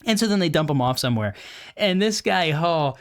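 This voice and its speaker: Sarcastic man with a higher voice. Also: a little fast. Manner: sarcastic, mocking, animated with put-on quote voices. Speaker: podcast host. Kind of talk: opinionated political commentary.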